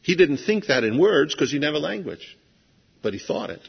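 Husky-voiced preacher in a reverberant hall. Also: male voice, fairly high pitch, very animated, a little fast. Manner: conversational storytelling, acts out scenes. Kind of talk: sermon. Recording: dull lo-fi sound with long hall reverb.

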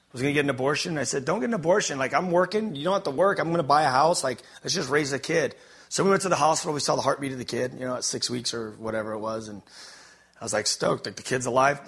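A man's voice: mid-range voice, fairly bright tone. A man from Los Angeles, giving a rambling, candid personal testimony to an audience. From Los Angeles, USA. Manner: rambling and candid, many fillers and restarts.

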